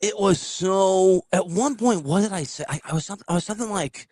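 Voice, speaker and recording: A man hosting a casual podcast who tells stories in a lively way, laughs often and acts out the people he quotes. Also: high-pitched, a little fast, no room sound. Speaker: podcast host. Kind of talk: casual storytelling chat.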